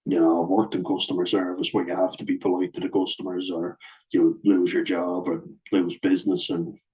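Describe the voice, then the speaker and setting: A man's voice: low voice, completely flat delivery, brisk, warm tone, rough recording. A middle-aged man, bluntly telling a personal story to camera in a sweary, aggrieved way. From Ireland. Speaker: vlogger.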